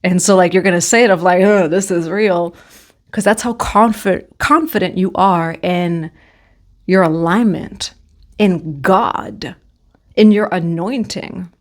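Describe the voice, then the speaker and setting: A woman's voice: lowish voice, a little slow. A woman reads tarot for her audience in a loose, conversational way. She is encouraging and reassuring, and she drifts now and then into singing a short line from a song. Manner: chatty, affirming, sings snatches of songs. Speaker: tarot reader. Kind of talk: casual spiritual tarot reading.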